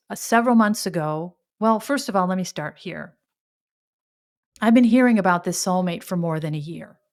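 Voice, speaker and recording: A middle-aged woman hosting a podcast, telling a personal story in a rambling way, often backtracking and acting out quoted exclamations. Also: mid-range voice. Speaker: podcast host.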